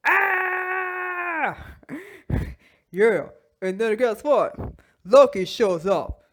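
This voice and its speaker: A woman hosting a toy channel, chatting casually and comically about fandoms, giggling, sighing dramatically and bursting into shouted bits. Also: mid-range voice, lively intonation, slow pace. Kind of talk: casual comedic fandom chat.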